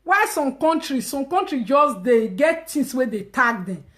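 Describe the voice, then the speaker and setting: A woman with a Nigerian Pidgin English accent hosts a casual live stream with a high, bright voice. She rants emphatically and mockingly. She jumps from loud shouted outbursts down to low muttered asides. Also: big pitch swings, measured pace. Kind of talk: animated casual rant.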